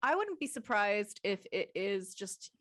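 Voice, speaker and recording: A woman's voice: mid-range voice, sing-song, measured pace, a bit bright, no echo. A woman co-hosting a casual podcast chat, candid and playful, laughing at her own jokes. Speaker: podcast co-host.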